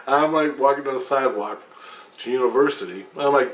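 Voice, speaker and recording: A man's voice: on the high side, big pitch swings, normal speed, a bit bright. A man telling a personal story casually, rambling and swearing, laughing at himself and sometimes dropping to a mutter. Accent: Windsor, Ontario. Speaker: storyteller recounting a personal experience. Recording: roomy echo, faint background hum.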